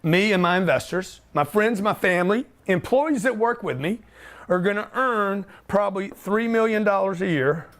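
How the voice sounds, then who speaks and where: Loud, joking man, high voice. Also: animated, normal speed. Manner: loud, joking, pushy, slangy. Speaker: host. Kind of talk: energetic office talk to camera.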